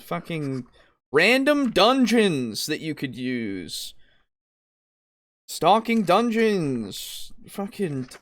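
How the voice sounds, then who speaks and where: A podcast co-host in a casual discussion, ranting with exasperation and frequent swearing, reading out comments and quotes as they go. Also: mid-range voice. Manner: reads comments and quotes aloud.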